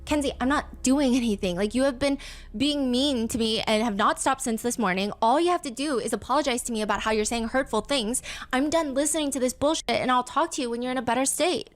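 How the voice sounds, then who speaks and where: A woman reading out a calm young man's messages in a soft, passive cadence. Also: sits high, a little fast, pitched above the performer's own voice, close to an everyday voice. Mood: pleading. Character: calm young man, patient, de-escalating.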